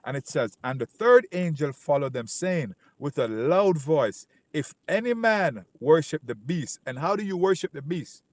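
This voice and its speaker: A man giving an informal Bible teaching. He talks emphatically, keeps asking "right?", repeats himself, and reads scripture slowly and loudly. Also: a little high, animated. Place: Canada.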